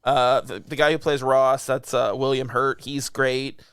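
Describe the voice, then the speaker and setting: A man's voice: mid-range voice, level tone, measured pace, fairly bright tone, clean tone, dry recording, clean studio sound. A young man co-hosting a podcast, chatting casually in a laid-back, rambling way with chuckles. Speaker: podcast co-host. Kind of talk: casual chat.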